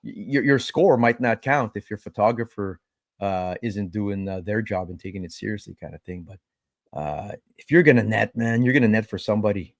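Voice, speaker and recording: An excitable man hosting a casual podcast, swearing freely and calling everyone bro. His pitch leaps up and down as he gets worked up. The sound is close and dry. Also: a little fast, no room sound. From Canada. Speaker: podcast host. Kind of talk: casual chat.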